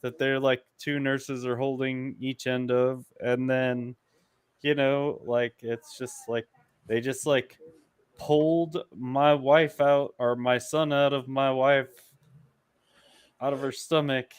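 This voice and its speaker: A man's voice: mid-range voice, little pitch movement, slow, smooth, no room sound. A young man chatting casually on a stream, telling a story in a laid-back, crude way. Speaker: guest on stream.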